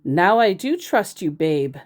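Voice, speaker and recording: A woman's voice: fairly low pitch, big pitch swings, takes it slowly, a little mellow. A woman voicing a pushy male online romance scammer who is needy and insistent and keeps using pet names.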